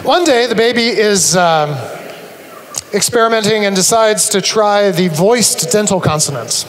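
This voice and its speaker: A man giving a live conference talk to an audience, animated and humorous, acting out his examples as he explains. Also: sits high, measured pace, slight background noise. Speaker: conference speaker. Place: large auditorium. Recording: long reverb of a large hall.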